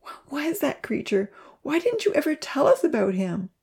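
A woman voicing a frightened little girl who speaks in a shaky, high, stammering way in a storybook. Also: very animated, normal speed, vocal fry, darkish tone, heavily acted.

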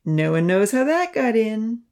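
A woman's voice: a little high, big pitch swings, a little slow, darkish tone, voice pushed up. A woman voicing a mischievous boy who teases and talks mysteriously in a storybook reading. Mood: teasing. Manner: teasing, mysterious. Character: teasing boy Franz, mischievous.

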